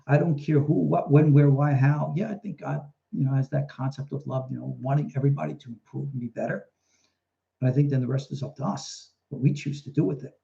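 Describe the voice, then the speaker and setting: A man's voice: mid-range voice, creaky. A man, a rabbi and teacher, answering viewer questions in a casual live talk, chatty and digressive, telling stories as he goes. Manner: chatty, animated storyteller, digresses freely. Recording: dull lo-fi livestream audio.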